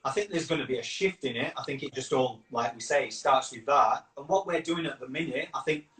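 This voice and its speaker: A man's voice: mid-range voice, a bit bright. A man hosting a casual live video chat, talking earnestly and rambling, restarting his sentences as he goes. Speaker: campaign founder and host. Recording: roomy echo, distant from the mic.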